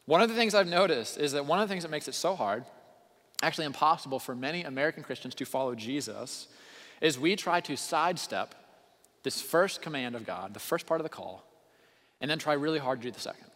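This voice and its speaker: A man preaching a sermon as pastor, earnest, moving between quiet intensity and raised emphasis. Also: on the high side, lively intonation, a little fast. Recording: long hall reverb.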